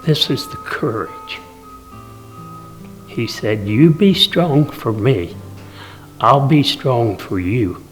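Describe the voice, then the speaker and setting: Guy talking real slow and careful, remembering his dad, quiet music. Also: mid-range voice, lively intonation. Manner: slow, measured, emotional recollection. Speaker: son remembering his father. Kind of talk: interview.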